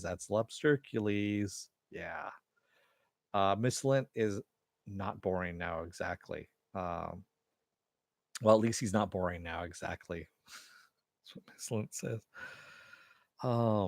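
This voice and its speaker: A man's voice: on the low side, dry recording, clean studio sound. A man giving a casual, rambling recap of a TV episode, with lots of fillers and the odd chuckle. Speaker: TV episode reviewer.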